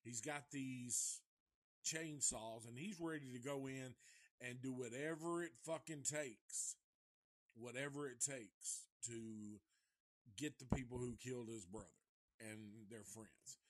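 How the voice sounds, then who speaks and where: A man's voice: medium pitch, takes it slowly. A man casually recapping a movie live, rambling and profane, and chuckling often as he goes. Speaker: movie reviewer.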